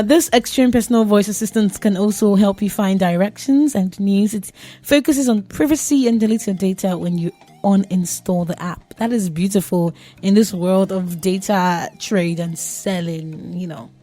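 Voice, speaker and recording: A woman's voice: medium pitch, steady tone, normal speed, darkish tone. A young woman hosting a radio show, talking about tech in a chatty, joking way and laughing at herself. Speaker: radio host. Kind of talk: casual tech talk on radio.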